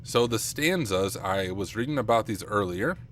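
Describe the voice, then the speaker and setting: A young man streaming live at night and thinking aloud as he works, chatty and self-deprecating with viewers, his voice getting rough. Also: fairly low pitch, expressive, moderate pace, a bit bright, a little hiss or hum. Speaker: streamer, penetration tester. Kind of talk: casual live-stream talk while working. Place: home computer room at night.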